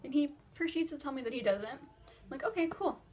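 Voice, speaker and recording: A teenage girl vlogger telling a dream story in casual, rambling chat, filler-heavy and animated. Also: sits high, fairly quick. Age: teens. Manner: breathless and animated while retelling a dream.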